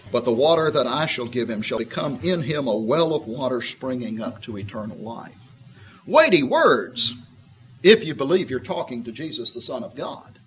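A man giving a conversational Bible teaching, folksy and reflective, with a husky voice. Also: mid-range voice, a bit bright, a little hiss or hum, low-quality recording. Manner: folksy and reflective, voices the woman with a tart, skeptical edge. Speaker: preacher.

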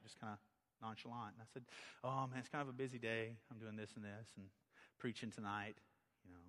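A middle-aged man preaches as pastor, his voice on the low side with a bit of brightness. Recorded in a church sanctuary full of long hall reverb, he moves from conversational storytelling up to emphatic high points.

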